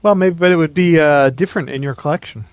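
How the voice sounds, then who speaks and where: A man's voice: fairly high pitch, quick pace, clear, resonant tone, no room sound, dull audio. A man in casual chat as podcast co-host, asking curious questions and giving short reactions.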